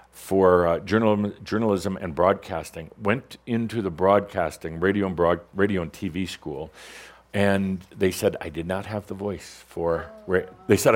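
A middle-aged man from Wisconsin hosts a show in an easygoing way. He speaks in a lowish voice, with jokes and plenty of fillers. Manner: easygoing, joking, many fillers. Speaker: show host. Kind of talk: casual hosted announcements.

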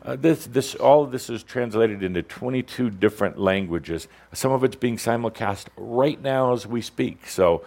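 A man's voice: mid-range voice, moderate pace, vocal fry, few pauses, darkish tone. A middle-aged man from Wisconsin hosting a show with easygoing, joking announcements and many fillers. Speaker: show host. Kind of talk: casual hosted announcements.

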